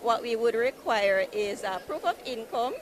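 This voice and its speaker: A woman representing a building society at a conference marketplace booth, pitching savings and mortgages in an upbeat, persuasive way. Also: lively intonation, moderate pace. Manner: upbeat, persuasive, repeats easy and convenient. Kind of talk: sales pitch at an expo booth. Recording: noisy conference floor.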